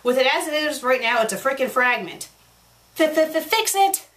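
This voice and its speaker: A woman's voice: sits high, quick pace, a bit bright, low-quality recording. Casting: sarcastic female critic, exasperated, comic review reading. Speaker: fanfiction critic. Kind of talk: comedic review reading aloud.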